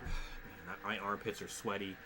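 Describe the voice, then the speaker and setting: A man's voice: fairly low pitch, level tone, brisk, background noise. A man streaming a racing game, cursing at the game and muttering under his breath. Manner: frustrated, profane, swearing often at the game. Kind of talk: live gameplay commentary.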